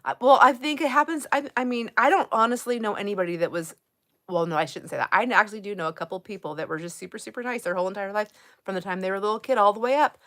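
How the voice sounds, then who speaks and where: A woman's voice: mid-range voice, racing, a bit bright. Woman host, middle-aged, chatty live-stream talker with easy laughter. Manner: chatty, laughs often, restarts sentences. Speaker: livestream host. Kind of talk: casual live-stream chat.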